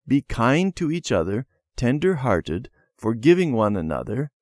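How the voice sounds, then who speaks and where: Brief: man reading as a small girl, high and lively pleading voice, dry close read. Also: a little slow, dry recording. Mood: eager. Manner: pleading, high childlike pitch. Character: little girl, eager and tearful. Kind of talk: storybook character voice.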